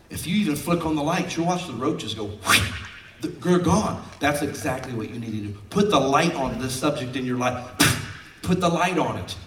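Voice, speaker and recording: A man preaching as a pastor, jokey and exhorting, with sudden loud outbursts, heard from off the microphone in a church hall. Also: mid-range voice, distant mic, a little hiss or hum. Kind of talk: sermon. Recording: roomy sound from off-mic.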